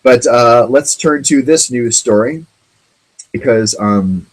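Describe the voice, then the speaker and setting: A man hosting his own web show, reading out odd news stories in a rambling, halting way, with many ums and sarcastic asides. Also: mid-range voice, low-quality recording. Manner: sarcastic, jokey remarks on the stories.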